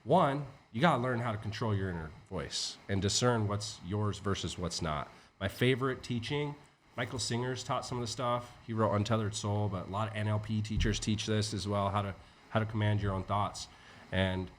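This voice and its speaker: A man as a podcast guest, an entrepreneur teaching in a casual, animated way with frequent swearing. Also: lowish voice, slight background noise. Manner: animated, profane, acts out inner voices. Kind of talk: conversational teaching.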